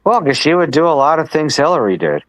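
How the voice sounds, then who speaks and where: A man's voice: fairly high pitch, sing-song, quick pace, a bit bright, no echo, poor audio. A man hosting a casual political chat on a live stream, rambling with lots of restarts and asides. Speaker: host.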